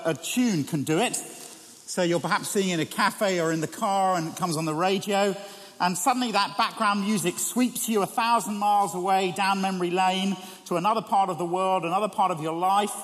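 A man preaching with a fairly high, lively voice, turning often to the listeners with questions. His words ring out with a long reverb, as in a large hall or church. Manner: animated, conversational preaching with rhetorical questions. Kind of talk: sermon.

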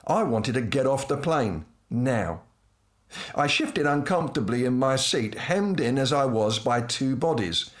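A man's voice: medium pitch, unhurried. Dry-witted man telling a comic story. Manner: dry, self-mocking wit with lively voiced asides. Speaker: preacher telling a personal anecdote. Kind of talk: scripted humorous storytelling.

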